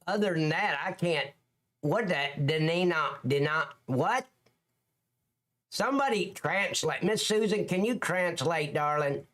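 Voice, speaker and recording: A man's voice: fairly high pitch, expressive, unhurried, a bit bright. A man with a Southern Alabama accent, hosting a livestream in a joking, rambling way and talking to his chat viewers by name. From lower Alabama, US. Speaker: livestream host.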